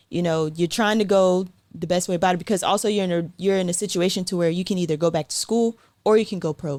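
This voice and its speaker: A woman, a guest sprinter telling stories in a relaxed interview, animated and quick to slip into acted-out quotes. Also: lowish voice, dry recording. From South Carolina, USA. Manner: chatty, animated, acts out quotes, frequent "like" and light laughs. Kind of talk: casual interview storytelling.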